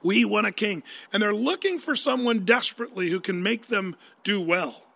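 A man preaching. He reads scripture and talks through it in a lively, conversational way, asking his listeners questions. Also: sits high, moderate pace, vocal fry, husky, dry recording. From United States. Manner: animated, conversational, asks the audience questions. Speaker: pastor. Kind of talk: sermon with scripture reading.

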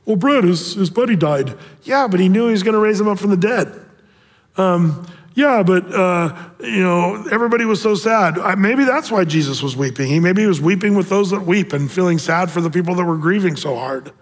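A man preaches in a fairly high voice, telling the story with playful, animated asides. His words carry a long reverb, as in a large church hall. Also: brisk. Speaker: pastor. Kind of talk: sermon.

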